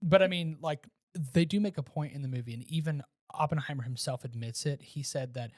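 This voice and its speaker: A man co-hosting a podcast, casually reviewing a movie and retelling scenes with animated restarts. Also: a little high, a little fast, hardly any pauses, no echo, studio quality. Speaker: podcast co-host.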